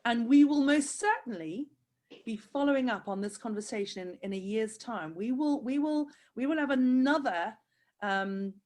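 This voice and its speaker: Woman host, a bit high-pitched, gushing and teary on a video call. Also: expressive, moderate pace, a little mellow. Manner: effusive, tearful praise. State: crying. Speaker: host of handwriting program. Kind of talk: emotional interview over video call.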